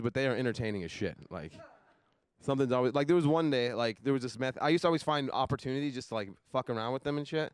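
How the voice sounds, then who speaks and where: A young man doing a stand-up comedy set on a live stage, deadpan, dropping his voice low for asides. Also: smooth, dry recording, clean studio sound.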